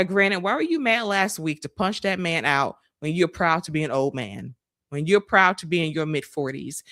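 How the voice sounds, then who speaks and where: A woman co-hosting a podcast, recapping wrestling with animated, sarcastic, profane commentary. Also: low voice, no room sound, clean studio sound. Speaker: podcast co-host.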